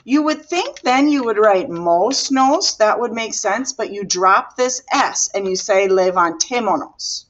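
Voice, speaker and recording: Slow, patient woman teaching grammar. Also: on the high side, expressive, dull audio. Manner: patient, explaining step by step while writing. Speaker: Spanish teacher. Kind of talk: recorded classroom grammar lesson.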